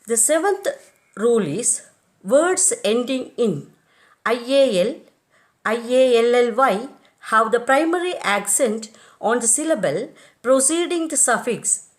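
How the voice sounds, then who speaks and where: Slow, measured Indian English woman teacher. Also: a little high, animated. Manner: reads rules and word lists slowly, spelling out letters. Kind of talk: slow dictated lesson.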